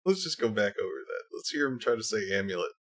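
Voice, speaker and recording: A man's voice: lowish voice, animated, quick pace, a bit bright. A man streaming live, reacting to videos with sarcastic, mocking commentary and frequent laughter.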